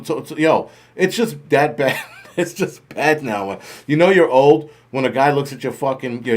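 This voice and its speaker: A man's voice: medium pitch, darkish tone. A middle-aged man hosting a livestream, swearing constantly and rambling in a self-mocking way before turning to the news. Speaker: host. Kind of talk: profane casual livestream rant.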